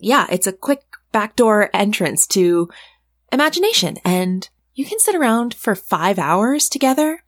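A woman's voice: medium pitch, lively intonation, a little slow, dry recording. A woman on a tabletop game podcast, talking in a thoughtful, musing way. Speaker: podcast guest. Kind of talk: casual reflective chat.

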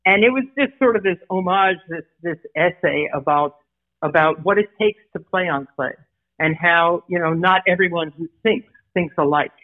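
A woman's voice: lowish voice, normal speed, narrow, tinny audio. A woman in her sixties, a guest tennis commentator, talking reflectively and affectionately in a casual conversation.

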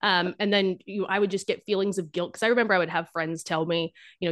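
A woman's voice: lowish voice, fairly even intonation, fast, hardly any pauses, a bit bright. A young woman who makes dating content, talking casually and with humor in an interview, full of fillers and restarts. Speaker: guest, dating content creator.

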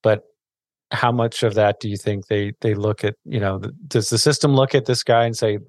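A man's voice: lowish voice, fairly even intonation, normal speed, a little mellow, dry recording. A man hosting an interview, asking questions with supportive affirmations. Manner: supportive, many short affirmations. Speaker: podcast host.

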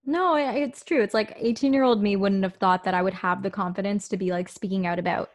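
A woman's voice: mid-range voice, a little fast. A young woman co-hosting a podcast, speaking candidly and reflectively with frequent "like" fillers. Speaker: podcast co-host. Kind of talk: casual podcast chat.

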